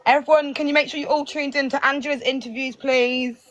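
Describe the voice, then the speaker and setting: Fast-talking, teasing young woman. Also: sits high, steady tone, lo-fi sound, a crowd in the background. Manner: teasing, playful banter. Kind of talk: casual livestream chat.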